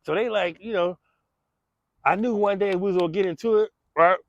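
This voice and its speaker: A man's voice: high-pitched, a little fast, no echo, lo-fi sound. A man telling a true story in casual street style, slangy and profane, acting out gunshots and the voices of others.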